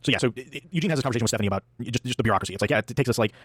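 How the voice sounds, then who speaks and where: Male podcast host, rapid casual recap, dry sound. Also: mid-range voice, dry recording. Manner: rambling with fillers, acts out quotes.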